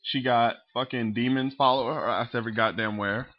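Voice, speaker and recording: A man's voice: medium pitch, brisk, lo-fi sound. A man ranting casually about movie scenes to his webcam, swearing a lot and acting out characters. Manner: profane, animated, mimics characters. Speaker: vlogger.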